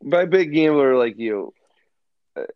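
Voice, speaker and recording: A man co-hosting a casual podcast, profane and animated as he tells stories. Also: mid-range voice, unhurried, clean tone, dry recording. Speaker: podcast co-host. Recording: dull lo-fi sound.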